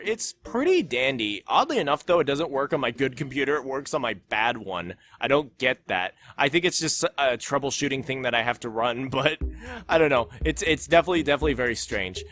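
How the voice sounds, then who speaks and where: A young man hosting a gaming channel, talking casually over gameplay in a rambling, excitable, self-conscious way. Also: medium pitch. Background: faint game music.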